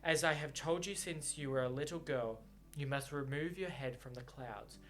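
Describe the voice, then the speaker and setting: A man's voice: mid-range voice, normal speed, a bit bright, pitched below the performer's own voice, natural voice. A haughty older queen scolds in a cold, lecturing tone, read by a man who keeps close to his own voice. She talks down to the listener as if to a child. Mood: scolding.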